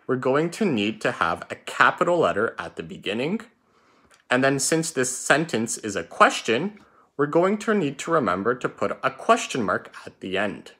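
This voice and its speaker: A man teaching an online spelling lesson, reading words slowly and spelling them out letter by letter. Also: medium pitch. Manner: slow, drawn-out letter-by-letter dictation; lively, up-and-down teacher intonation.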